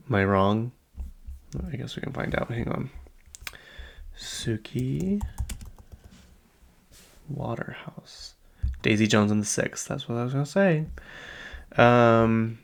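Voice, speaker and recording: A man's voice: fairly low pitch, vocal fry. A man in his late twenties chatting casually on his own, rambling through asides and fillers as a podcast host. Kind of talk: casual solo pop-culture chat.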